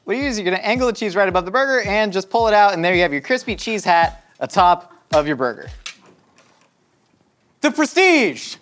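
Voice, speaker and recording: A man's voice: high-pitched, fast, few pauses, faint music behind. A young man hosting a cooking show, joking with his crew as he demonstrates a recipe. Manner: jokey, excitable, talks to the crew.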